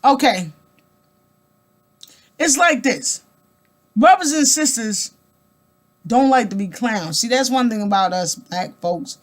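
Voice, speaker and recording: Speaking slowly in a high, expressive voice, this woman vlogger addresses her audience in a relaxed monologue. She stresses points by repeating words, poses rhetorical questions, and wanders with restarts as her argument takes shape, all in colloquial, emphatic language.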